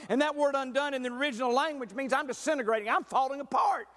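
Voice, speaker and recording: A pastor preaching a fervent sermon, swinging from shouts down to near-whispers. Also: male voice, very high-pitched, normal speed, few pauses. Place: church sanctuary. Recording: long hall reverb.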